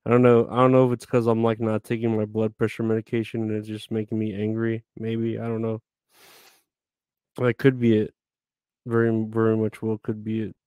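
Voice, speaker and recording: A man's voice: on the low side, completely flat delivery, a little fast, a little mellow, clean tone, no room sound, clean studio sound. A tired man streaming live, chatting in a rambling, irritable way and swearing a lot. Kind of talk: casual live stream chat.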